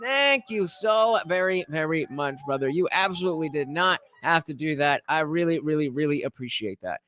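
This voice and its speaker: A man hosting a live stream, reacting to a clip and excitedly thanking donors, sometimes breaking into shouts. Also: on the high side, normal speed. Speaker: livestream reaction host. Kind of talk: casual live-stream chat.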